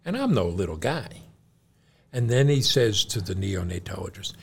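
With a low voice at normal speed and slight background noise, a middle-aged podcast co-host, John's father, walks his son through a long family story. He tells it animatedly, playing the people in it and acting out quoted doctors.

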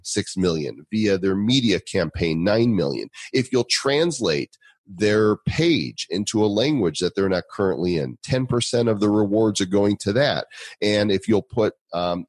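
A man co-hosting a podcast in relaxed, chatty talk with frequent fillers. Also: on the low side, no echo. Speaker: podcast co-host. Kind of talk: casual podcast chat.

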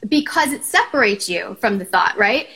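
A woman's voice: medium pitch, expressive, normal speed, gravelly, bright, forceful tone, slightly rough, low-quality recording. A woman talking as a therapist in a casual podcast chat, acting out inner thoughts as she explains. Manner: explains with acted-out inner voices, lots of fillers.

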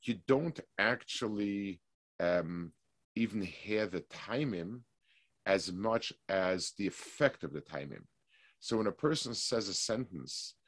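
A man teaching a weekly Torah class, explaining slowly with restarts and reading passages of Hebrew text quickly. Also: on the low side, dry recording.

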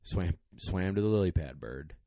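A man's voice: low voice, normal speed, gravelly, no room sound. A young man, a dog trainer, casually telling a podcast story in a rambling, emotional way with lots of fillers. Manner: rambling, excited, many fillers.

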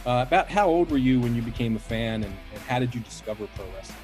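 A man's voice: mid-range voice, animated, quick pace, a little mellow, soft background music. A man hosting a wrestling podcast, asking questions and affirming his guest. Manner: affirming, asks questions with fillers. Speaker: podcast host. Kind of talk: podcast interview.

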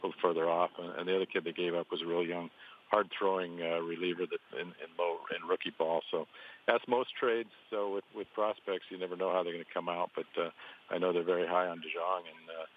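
A man reporting on baseball over the phone, talking in halting bursts with many fillers and restarts. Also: sits low, little pitch movement. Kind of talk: phone interview. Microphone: phone line. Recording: tinny phone line with faint hiss.

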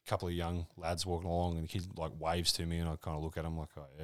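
A man's voice: low-pitched, steady tone, rapid-fire, hardly any pauses, dry recording, studio quality. An Australian man in his forties hosting a casual podcast, with blunt, sweary banter. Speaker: podcast host.

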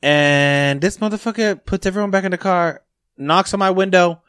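A man's voice: sits high, moderate pace, fairly bright tone, clean tone, no room sound, clean studio sound. A young adult man telling a story in casual, profane podcast talk. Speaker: podcast host.

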